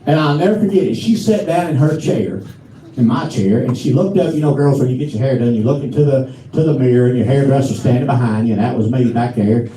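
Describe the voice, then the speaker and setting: A middle-aged Southern US comedian spins folksy stories in a mellow, unhurried drawl. He is picked up from a distance in a roomy live venue, with faint room ambience behind him. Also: medium pitch, slight background noise. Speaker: stand-up comedian. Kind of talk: live stand-up storytelling.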